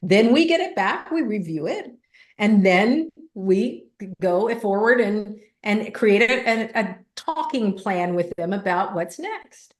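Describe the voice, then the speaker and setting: A woman's voice: medium pitch, takes it slowly. A woman guest on an interview show, a business coach telling stories and acting out what people said. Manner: animated storytelling, acts out quoted voices. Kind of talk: conversational interview. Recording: echoey room.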